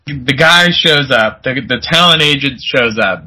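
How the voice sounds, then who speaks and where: A man's voice: medium pitch, measured pace, bright, forceful tone, rough recording. A man co-hosting a podcast, recapping a movie in casual chat, laughing and acting out characters' lines. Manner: laid-back, laughing, acts out characters in quotes. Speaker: podcast co-host.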